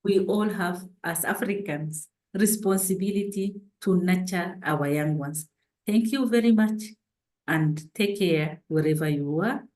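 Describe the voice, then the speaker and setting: Woman, slow measured delivery, earnest advice, echoey room. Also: lowish voice, darkish tone. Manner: earnest, exhorting. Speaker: parenting speaker. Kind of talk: panel talk.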